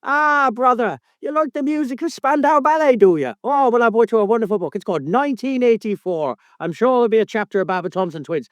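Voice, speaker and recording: A man's voice: very high voice, lively intonation, fast, few pauses, no room sound, voice pushed up. A man putting on a mock Irish accent to play a dim, cheerful man handing out daft gifts, in a mocking sing-song way.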